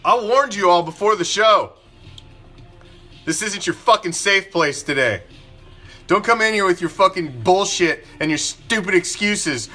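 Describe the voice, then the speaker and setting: A man's voice: sits high, lively intonation, normal speed, bright, forceful tone, soft background music. A man hosting a live fan show, ranting angrily and with heavy profanity about his team's quarterback. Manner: angry, profane, emphatic ranting with repetition. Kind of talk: ranting live sports commentary.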